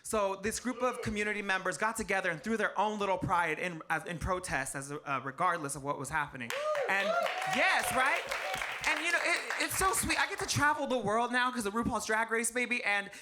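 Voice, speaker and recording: A man's voice: high voice, animated, a little fast, crowd noise. A man performing a stand-up set as a drag queen, brash and sassy, swearing freely and laughing through his jokes on a live stage. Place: live comedy stage before an audience.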